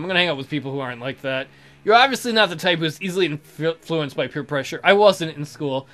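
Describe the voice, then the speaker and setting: A young man casually commenting on a game and reading its text aloud, sardonic and crude, swinging between mumbled asides and loud outbursts. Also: on the high side. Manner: sardonic, swears freely, jumps between deadpan mutters and loud outbursts. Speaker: let's play commentator.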